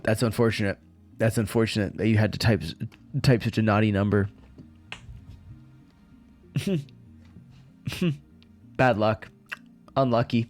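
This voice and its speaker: A man's voice: fairly low pitch, steady tone, a little slow, pauses often, soft background music. A man casually commentating on a live stream, swearing and joking, mumbling asides to himself.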